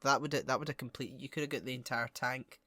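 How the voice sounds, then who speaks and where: A man co-hosting a podcast, chatting playfully with quick jokey asides. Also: medium pitch, steady tone, bright, forceful tone, no room sound. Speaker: podcast co-host. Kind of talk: casual chat.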